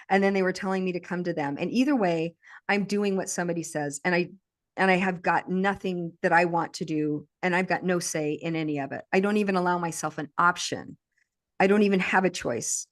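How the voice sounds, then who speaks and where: Appearing as a podcast guest, a woman with a fairly low voice relives a traumatic memory aloud in vivid present tense, speaking with steady intensity.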